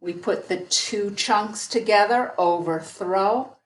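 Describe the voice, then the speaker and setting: A woman teaching a phonics lesson at a slow, careful pace, stretching words into their sounds. Her voice sits a little low. The recording has a roomy echo. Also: expressive. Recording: echoey room.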